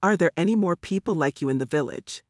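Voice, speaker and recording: A man reading a calm man in a mirror. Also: a little high, quick pace, dry recording, clean studio sound, close to an everyday voice. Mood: reassuring.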